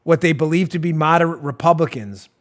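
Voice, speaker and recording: A man's voice: a little high, fairly quick. A man hosting a political talk show, telling a story in a mocking, theatrical way and often breaking into laughter. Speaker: host.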